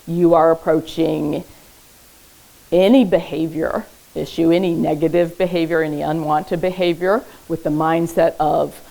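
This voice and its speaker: Woman, therapist leading a parenting workshop; low, gravelly register, chatty teaching style with frequent "okay?" check-ins. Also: fairly even intonation, unhurried, dark tone, low-quality recording. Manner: conversational, often checks in with "okay?"; uses light humor while teaching. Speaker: therapist giving a parenting talk. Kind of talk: informal educational presentation. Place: public library event room.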